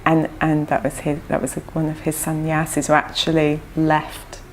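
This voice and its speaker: Middle-aged woman, low-pitched, devotee reminiscing with lively anecdotes. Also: moderate pace, a little hiss or hum. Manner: lively anecdotal recounting with frequent laughter. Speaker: devotee sharing memories of her teacher. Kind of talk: personal storytelling.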